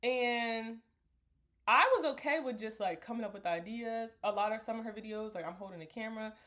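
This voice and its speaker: Chatty young woman vlogger, slightly high voice. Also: a little fast, fairly bright tone. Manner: rambling, reflective, laughs often. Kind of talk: casual talk to camera.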